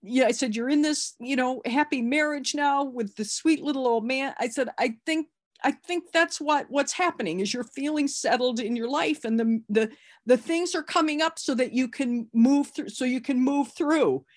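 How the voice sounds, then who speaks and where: A middle-aged woman telling a personal family story in an emotional, halting way, repeating herself and stammering at moments. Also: high voice.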